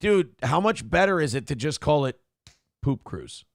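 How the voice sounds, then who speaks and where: A man co-hosts a morning show, his voice slightly high and gravelly. He trades profane, jokey banter, now and then slipping into mock voices. The sound is dry and close. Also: expressive, brisk, dry recording. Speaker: co-host. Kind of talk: crude casual banter.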